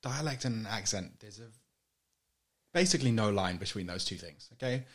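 A man's voice: fairly low pitch, animated, normal speed, fairly bright tone. A man with a British accent, chatting casually and teasing with lots of laughter. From United Kingdom. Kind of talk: casual chat.

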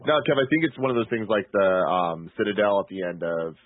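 A man's voice: fairly low pitch, lively intonation, fast talker, dry recording. A man on a podcast speculating in easygoing casual chat. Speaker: podcast co-host. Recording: dry, tinny phone-like sound.

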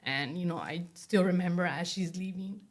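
A young woman speaking as an interview guest, giving a personal testimony in a soft voice full of "you know" and "like". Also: lowish voice, normal speed. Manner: soft-spoken, many fillers like "you know" and "like".

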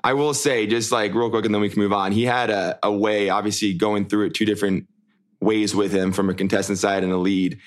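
A man's voice: fairly low pitch, flat delivery, a little fast. A young man co-hosting a casual chat, rambling with many restarts and fillers. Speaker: podcast co-host, former show lead.

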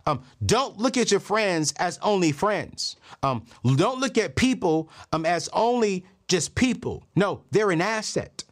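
A man in his thirties hosts a motivational talk with a preacher's rhythm and emphatic repeats. His voice sits fairly high for a man and swings widely in pitch. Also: animated, a little slow, few pauses. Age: 30s. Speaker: podcast host. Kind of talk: motivational talk on money and faith.

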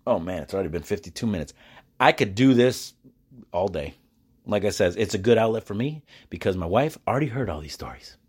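A man hosting a casual solo podcast from his quiet house at night, talking in a chatty, animated way with frequent restarts and quick laughs. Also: lowish voice, slightly rough. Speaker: podcast host.

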